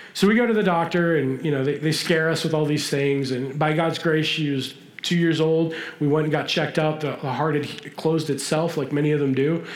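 A man preaching a sermon in a church, earnest and pausing, his voice moving between urgent and hushed. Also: on the high side, echoey room. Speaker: pastor.

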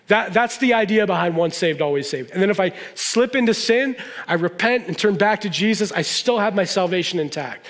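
High-voiced pastor preaching in a reverberant hall. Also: male voice. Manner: conversational preaching with emphatic stresses. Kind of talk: sermon.

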